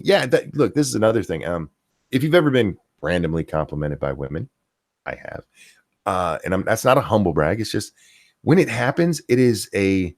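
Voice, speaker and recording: A man's voice: fairly low pitch, very animated, fairly quick, darkish tone, no room sound, clean studio sound. A middle-aged man ranting profanely on a casual live stream, reading viewer comments aloud as the host.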